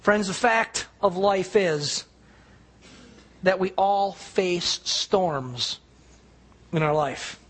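A man preaching a sermon, retelling a story vividly and dropping to a near hush on the quiet lines. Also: high-pitched, drawn-out words, pauses often, husky. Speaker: pastor.

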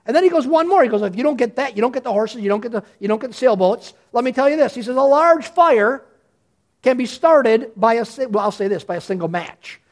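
A male pastor preaching a sermon in a lively, conversational way, often restarting his sentences. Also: very high voice, brisk.

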